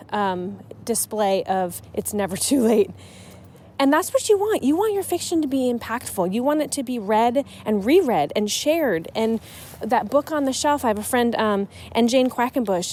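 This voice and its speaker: Woman, podcast host, slightly high, mellow voice, chatty, emotional, trips over her words. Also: slight background noise. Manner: chatty and emotional, with frequent restarts. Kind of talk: casual solo podcast talk.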